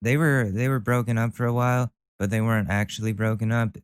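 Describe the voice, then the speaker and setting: A man's voice: medium pitch, fairly even intonation, fast talker, clean tone, dry recording. A man hosting a casual commentary show, reacting with wry disbelief. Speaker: host.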